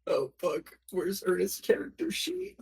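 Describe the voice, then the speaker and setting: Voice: medium pitch, huge pitch swings, measured pace, gravelly, darkish tone, distant mic, a little hiss or hum. A player in a tabletop role-playing game, chatting casually about what their character does.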